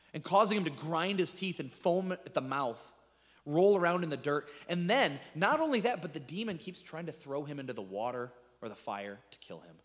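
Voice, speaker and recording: A man preaching with a high, restless voice that leaps up and plunges low. He stammers through restarts, then drops to a near-whisper. The sound rings with a long hall reverb. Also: fairly bright tone. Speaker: pastor. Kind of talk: sermon.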